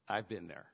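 A man preaching a sermon, shifting between hushed, intimate lines and loud, emphatic ones. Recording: dull sound with long hall reverb.

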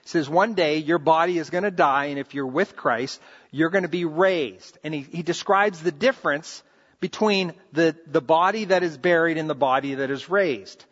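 Middle-aged male pastor, bright high delivery, animated and earnest, dull recording in a reverberant hall. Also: moderate pace. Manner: earnest, animated preaching with repeated restarts. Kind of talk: sermon. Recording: reverberant hall, muffled lo-fi sound.

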